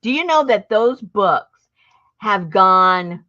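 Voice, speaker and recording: Middle-aged woman host, unhurried, animated storyteller with a wide-swinging pitch; slightly dull lo-fi sound. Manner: chatty, laughs often, animated retelling. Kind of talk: casual storytelling chat.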